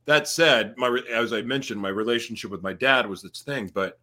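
A man speaking candidly and haltingly in a casual conversation about his personal recovery. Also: medium pitch, bright, forceful tone.

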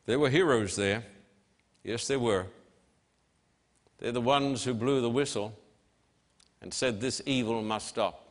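A man preaching a sermon with emphatic, measured delivery and dramatic pauses. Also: medium pitch. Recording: long hall reverb.

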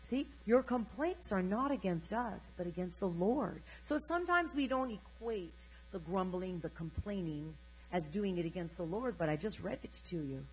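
An older woman preacher delivering an energetic sermon, urging the congregation to repeat her words. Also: medium pitch, moderate pace, slight background noise, poor audio.

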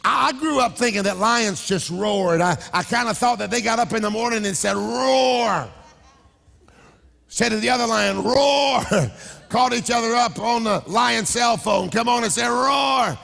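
A man preaching a sermon, shouting and sing-songing his lines and calling out to the congregation. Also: sits high, brisk, creaky, hardly any pauses, in a large hall, faint music behind. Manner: shouting, sing-song preaching with crowd call-outs. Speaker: pastor. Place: church sanctuary.

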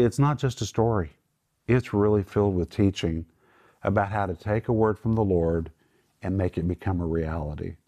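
A man's voice: lowish voice, warm tone. A middle-aged man teaching the Bible on a Christian broadcast, emphatic and lifting his voice when quoting scripture. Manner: emphatic, lifts voice for quoted words.

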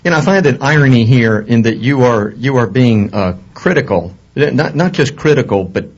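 Husky, dry male radio co-host. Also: mid-range voice, expressive, normal speed. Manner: dry, skeptical, argumentative. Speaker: radio talk show co-host. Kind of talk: casual on-air chat. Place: radio studio. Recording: dull lo-fi radio recording.

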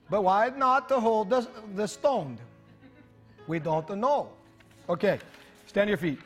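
A man's voice: high voice, very animated, takes it slowly, long pauses, faint music behind. A man preaching a sermon in church, reading scripture aloud with joking asides to the congregation. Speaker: pastor.

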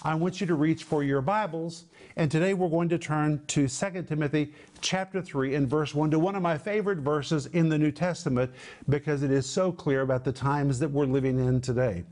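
A middle-aged man gives a televised Bible teaching in a somewhat high voice. He is emphatic, slowing down to repeat and stress key words. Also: darkish tone.

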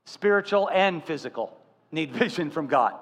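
A man preaching a sermon as pastor, telling stories with animated voices. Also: a little high, moderate pace, vocal fry, long reverb tail, dull audio. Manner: animated storytelling, acting out voices.

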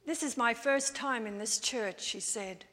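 A woman's voice: fairly high pitch, unhurried, pushed and bright. A lonely widow's testimony, as a woman preacher tells it. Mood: confessional. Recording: long church-hall reverb.

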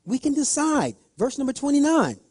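A male preacher delivering a sermon, repeating phrases and rising into loud emphatic bursts as he speaks straight to the congregation. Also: very high-pitched, big pitch swings, normal speed, no room sound, clean studio sound. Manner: talks directly to the congregation.

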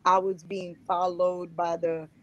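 A woman's voice: on the low side, little pitch movement, takes it slowly, fairly bright tone, muffled recording. A woman guest on a talk show, earnestly recounting a personal experience and often repeating herself. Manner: earnest, repetitive storytelling.

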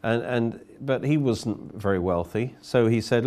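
A man's voice: medium pitch, measured pace, darkish tone. A man preaching a sermon, telling a story earnestly and often repeating words as he goes.

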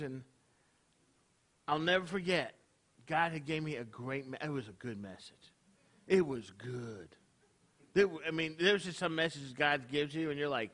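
A man's voice: on the high side, a bit bright. A man, a rabbi preaching a casual, conversational sermon to his congregation, tossing out rhetorical questions. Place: congregation hall.

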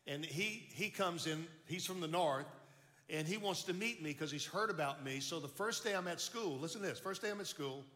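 Here a Baton Rouge man of advanced years tells his own story at a normal pace, his bright voice pitched fairly high. His manner is lively and folksy, with words doubled up as he starts over, all heard through the long reverb of a hall.

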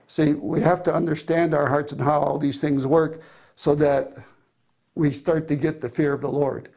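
Male preacher, middle-aged, earnest and emphatic, a touch higher-pitched. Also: a little mellow. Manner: earnest, emphatic scripture reading. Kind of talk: sermon.

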